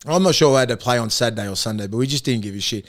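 A former rugby league player with an Australian accent tells rambling, profane anecdotes in a casual podcast chat, laughing often. His voice is mid-range and he talks at a racing pace.

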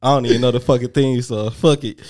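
A man's voice: medium pitch, fast. A man co-hosting a podcast, chatting casually and running a quiz with hype. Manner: animated, profane, hypes the segment. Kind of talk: casual chat.

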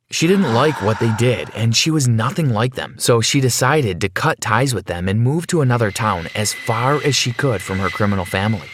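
Young adult man, scripted first-person story narrator, steady and middle-pitched. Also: dry recording.

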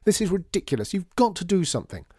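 A man voicing an upset female shop owner who sputters out high, agitated complaints. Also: very animated, quick pace, mellow, husky, no room sound, clean studio sound, exaggerated voice.

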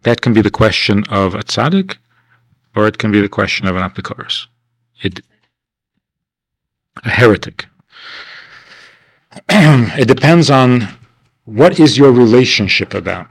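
A man's voice: medium pitch, measured pace, long pauses, no room sound, poor audio. A man teaching a class at a winter camp in a conversational lecture style, asking rhetorical questions and acting out the people he quotes. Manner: animated, acts out the people he quotes.

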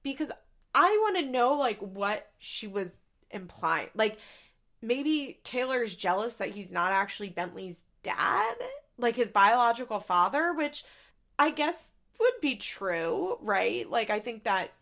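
A young adult woman hosting a podcast, recapping in a chatty, profane, casual way with quick asides into a studio mic. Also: mid-range voice, expressive, gravelly, fairly bright tone. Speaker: podcast host.

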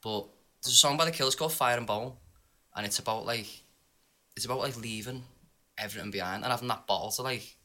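Give me a man with a piercingly bright voice, chatting loosely as a podcast guest. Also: mid-range voice, fast. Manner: rambling, loose storytelling with fillers. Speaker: guest singer. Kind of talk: casual podcast chat.

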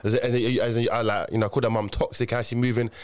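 Fast-talking young man. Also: medium pitch. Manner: fast, animated, lots of restarts and slang. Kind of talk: casual group chat.

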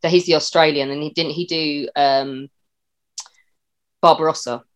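Low-pitched woman host, teasing and chatty, tells stories about her co-host. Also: steady tone, normal speed. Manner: teasing, storytelling. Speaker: podcast host. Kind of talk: casual chat.

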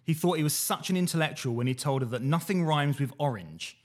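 A man's voice: on the high side, a little fast. Dry, sweary man reading his diary. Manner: dry, sweary deadpan delivery. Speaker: podcast co-host reading old diaries. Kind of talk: casual chat and diary reading.

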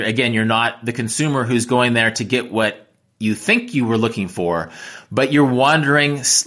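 Man, American accent, travel writer, bright tense tone, reflective interview talk, frequent restarts. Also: mid-range voice. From United States. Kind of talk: interview answers.

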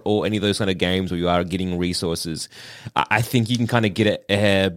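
A man with a fairly low voice talks casually, rambling along with lots of fillers and restarts. His talk is easygoing and loose. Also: steady tone, fairly quick. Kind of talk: casual gaming chat.

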